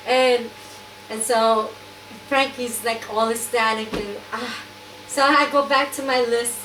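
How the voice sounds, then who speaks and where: A woman telling a personal church testimony in an animated way, acting out what people said. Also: on the high side, measured pace. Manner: animated storytelling, acting out quotes. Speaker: church member giving testimony. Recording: echoey room, far from mic, noisy.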